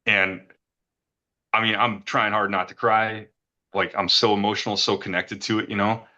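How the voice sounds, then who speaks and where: A man's voice: lowish voice, level tone, normal speed, bright, forceful tone, highs cut off. A middle-aged man earnestly recounting a personal experience, rambling and repeating words when he gets emotional. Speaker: retreat guest giving a testimonial.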